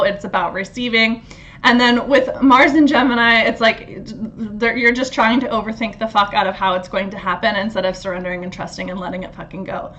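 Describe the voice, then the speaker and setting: A woman hosting a casual astrology talk, animated, laughing often and swearing freely. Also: fairly high pitch, highs cut off. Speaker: astrology host.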